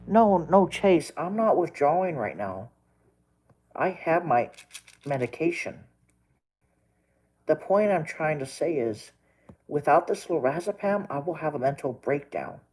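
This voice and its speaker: A man's voice: fairly high pitch, sing-song, a little slow, long pauses, a little mellow, slightly rough, poor audio. A young man from Texas, a storm chaser vlogging, rambling emotionally and crying as he repeats himself. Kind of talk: emotional vlog rant.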